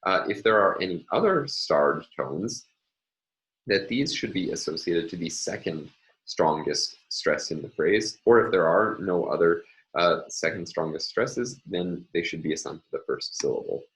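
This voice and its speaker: A man lecturing on phonology in a measured, explanatory way, often pausing with filler sounds. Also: low-pitched, expressive, a bit bright, poor audio. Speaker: linguistics lecturer. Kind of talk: recorded lecture.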